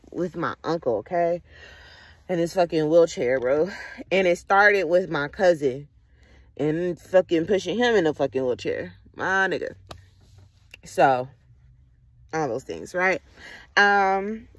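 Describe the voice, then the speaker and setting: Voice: medium pitch, no room sound. Rambling, laughing vlogger with dry sound. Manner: rambling, frequent laughter, heavy slang and profanity. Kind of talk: casual reflective monologue.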